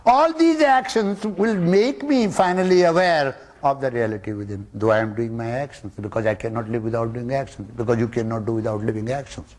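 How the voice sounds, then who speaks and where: A man giving a spiritual discourse to students, emphatic and full of rhetorical questions, jumping from loud rises to soft drops. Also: mid-range voice. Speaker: spiritual teacher.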